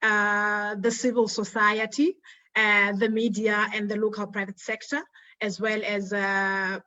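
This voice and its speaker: A woman from Lesotho giving a conference talk over an online call, measured and formal. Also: mid-range voice, little pitch movement, bright, forceful tone. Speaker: conference speaker. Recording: dull lo-fi sound.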